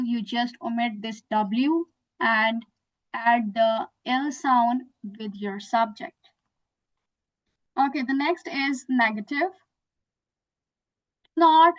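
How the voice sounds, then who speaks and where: A young woman gives an online lesson. She speaks slowly and patiently, with a fairly high voice, and walks through example after example. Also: fairly bright tone, poor audio. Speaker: English teacher.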